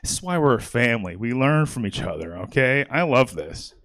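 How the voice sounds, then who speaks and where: A man's voice: medium pitch, very animated, brisk, fairly bright tone. A young man doing a rambling stand-up comedy set with crowd work in a small comedy theater.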